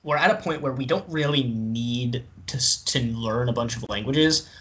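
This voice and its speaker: A man's voice: medium pitch, moderate pace, a bit bright. A young man hosting a casual chat with friends, laughing often and asking the others questions.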